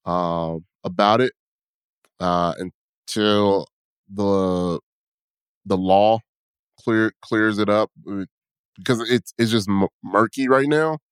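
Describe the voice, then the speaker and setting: A man co-hosting a sports talk show, speaking in a measured, hesitant way. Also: lowish voice, clear, resonant tone, dry recording, studio quality.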